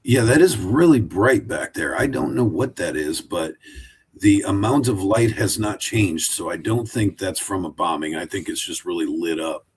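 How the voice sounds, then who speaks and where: Sitting in a wooden chair in a room of his home, an Oregon man runs a laid-back live stream, rambling chattily and speaking to his dog. His low voice has lively intonation and a moderate pace, with a little hiss or hum in the audio.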